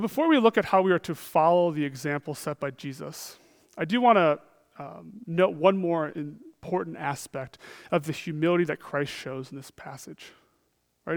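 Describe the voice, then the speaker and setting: A man's voice: a little high, vocal fry. Earnest man preaching a sermon. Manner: earnest, frequent rhetorical "right?", shifts between emphatic and hushed.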